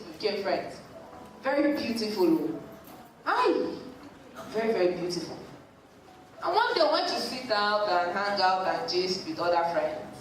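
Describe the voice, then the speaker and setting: A woman, a psychologist telling a story to a church congregation in an animated way. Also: medium pitch, slight background noise. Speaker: psychologist speaking at a church service. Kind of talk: lively talk at a church service. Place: large church hall. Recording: echoey church hall, mic at a distance.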